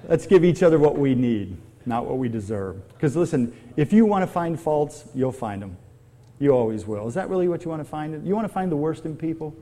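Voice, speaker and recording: A man's voice: a little high, animated, a little fast, dark tone. A middle-aged man preaching a sermon, conversational and full of questions to his audience. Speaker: pastor.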